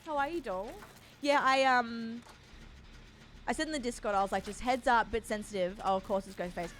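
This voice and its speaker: A woman's voice: on the high side, normal speed, soft background music. A young woman streaming from home, chatting casually and rambling as she greets her chat by name.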